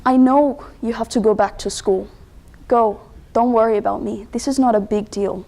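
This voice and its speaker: A soft-spoken Chinese immigrant mother, played by a young woman, talking slowly and tenderly. Her English comes out halting and simple. The voice is fairly high and gentle. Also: fairly even intonation, creaky. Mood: gentle, selfless.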